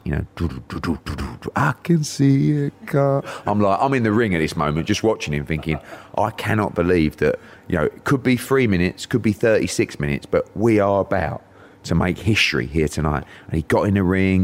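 A man's voice: deep voice, darkish tone. A middle-aged man, a boxing promoter, telling a long story on a podcast and acting out the voices of other people. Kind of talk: anecdotal storytelling.

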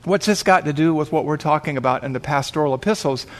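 A man's voice: a little high, quick pace. A man preaching, telling a dramatic illustration and acting out the voices of the people in it. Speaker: pastor. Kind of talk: sermon illustration storytelling.

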